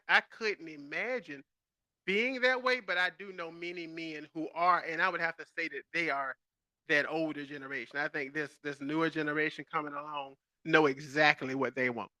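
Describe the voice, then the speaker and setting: A man co-hosting a podcast in casual chat, animated and laughing often. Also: fairly high pitch, normal speed, dry recording, clean studio sound. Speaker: podcast co-host.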